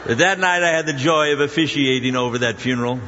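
A man preaching a sermon, telling a personal story with lively shifts between loud exclamations and hushed, prayerful tones. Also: medium pitch, fast, background noise. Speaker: pastor. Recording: muffled sound with long hall reverb.

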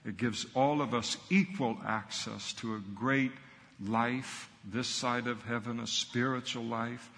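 A man's voice: medium pitch, fairly even intonation, unhurried, fairly bright tone, long reverb tail. A middle-aged man, a pastor, preaching a sermon earnestly and emphatically in short punchy phrases.

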